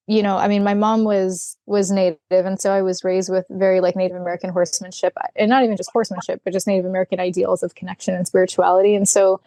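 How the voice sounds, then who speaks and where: A woman guest on a podcast interview, telling stories in a candid, animated way, acting out bits of dialogue and laughing often. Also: medium pitch, dry recording. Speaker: guest, equine rehabilitator. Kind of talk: podcast interview, casual storytelling.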